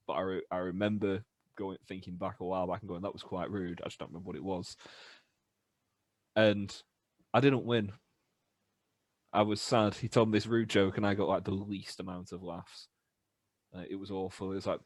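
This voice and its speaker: Lively young British man telling stories. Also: sits low, no echo. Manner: animated anecdotes with laughs and acted-out voices. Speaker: band member podcast host. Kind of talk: casual storytelling chat.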